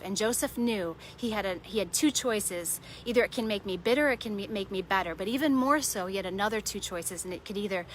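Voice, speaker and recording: A woman's voice: on the high side, a bit bright, slight background noise. A woman preaching a devotional sermon in an earnest way, repeating short phrases for emphasis.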